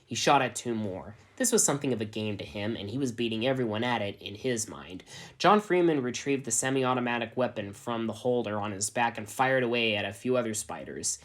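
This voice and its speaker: A man narrating a fan fiction story in a deadpan, even reading voice. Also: medium pitch, a little fast.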